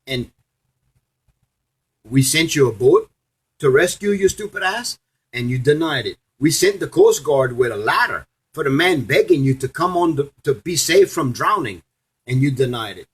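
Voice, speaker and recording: A man voicing a mocking Saint Peter who scolds a dead man at heaven's gates, his voice husky. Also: fairly high pitch, expressive, normal speed. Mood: mocking scolding. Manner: taunting, scolding.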